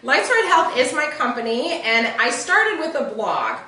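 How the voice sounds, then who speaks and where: Bright Minnesotan woman in an echoey kitchen. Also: high voice, big pitch swings, measured pace. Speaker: guest nutrition doctor. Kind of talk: casual cooking show chat. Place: home kitchen. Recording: echoey room, mic far off.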